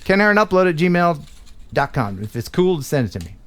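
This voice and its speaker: A man from the United States hosting a casual live-stream chat, animated and laughing often. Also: on the high side, fairly quick. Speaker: host.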